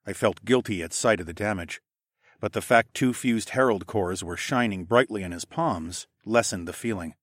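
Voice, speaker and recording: Man, audiobook narrator, low voice, dry close recording, measured. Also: fairly bright tone, dry recording. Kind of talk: first-person fiction narration.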